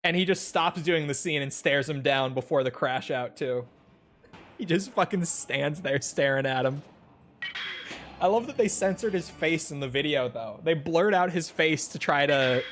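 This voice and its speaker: A man's voice: on the high side, normal speed, fairly bright tone. Chatty amused male streamer. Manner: chatty, amused, laughs often. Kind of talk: casual reaction commentary.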